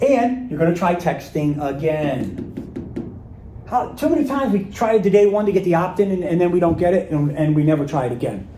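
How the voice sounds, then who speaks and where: A man's voice: high-pitched, lively intonation, brisk, dark tone, reverberant, a little hiss or hum, rough recording. A man leading a live sales workshop, talking casually and acting out sample voicemails and emails. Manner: conversational, acts out sample calls and emails. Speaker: sales trainer.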